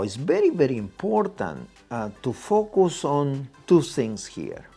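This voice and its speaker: Man with a lively teaching voice. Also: medium pitch. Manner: patient, repeats key points with "right?". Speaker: Spanish teacher. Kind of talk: explanatory lesson.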